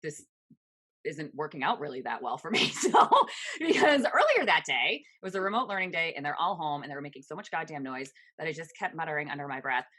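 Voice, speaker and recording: A woman in her thirties, co-hosting a podcast in casual chat, telling animated stories with frequent laughs. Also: sits low, fairly quick. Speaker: podcast co-host.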